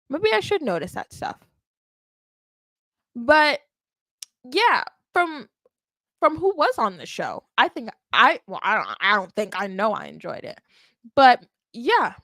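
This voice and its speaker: Emphatic woman podcaster with a high voice. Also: measured pace, long pauses, dry recording. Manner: animated, emphatic, keeps adding "okay?". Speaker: wrestling podcast host. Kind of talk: live watch-along recap.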